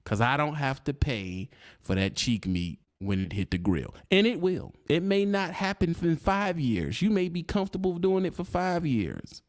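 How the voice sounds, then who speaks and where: A man's voice: fairly high pitch, sing-song, normal speed. A man hosting a trucking channel, giving casual straight-talk advice full of slang. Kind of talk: casual podcast chat.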